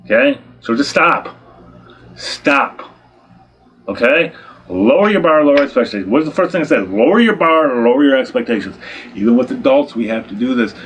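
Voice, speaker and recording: A middle-aged male photographer talks directly to his viewers, lecturing bluntly. He sounds exasperated and keeps firing rhetorical questions and checking in with "okay?". His pitch sits in an ordinary middle range for a man. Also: normal speed, fairly bright tone. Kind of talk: direct-to-camera advice talk.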